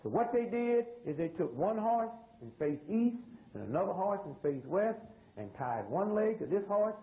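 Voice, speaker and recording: Before a live audience, this man from the United States lectures in a loose, drawling way, spinning stories and keeping up call-and-response with the crowd. He sounds high-pitched, very animated, and warm, at a moderate pace. The recording is low quality.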